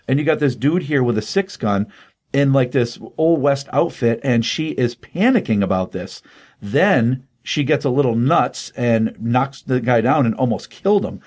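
A man's voice: mid-range voice, animated, normal speed, darkish tone, breathy edge. An older man casually reviewing a comic book, earnest and rambling with plenty of fillers, open about his feelings.

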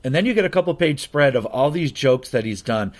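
A man's voice: medium pitch, animated, a little fast. A man casually reviewing a comic book, rambling through the story with lots of fillers and asides.

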